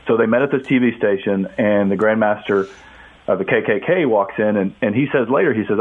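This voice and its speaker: A man guest on a radio interview, telling a story in a casual, animated way and acting out the quotes. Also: on the low side, a little fast. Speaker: author and guest. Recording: tinny phone line.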